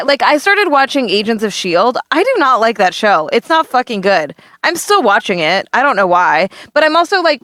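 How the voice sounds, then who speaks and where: A woman co-hosting a podcast, chatting casually and frankly, with lively swearing. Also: mid-range voice, clean tone, no room sound, clean studio sound. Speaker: podcast co-host. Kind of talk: casual chat.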